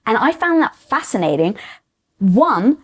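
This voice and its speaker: Female host, relaxed chat tone, thinks out loud, uses lots of fillers. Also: fairly high pitch, measured pace, breathy edge. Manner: reflective, chatty, many fillers like "like" and "um". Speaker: podcast host. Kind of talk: casual conversational interview.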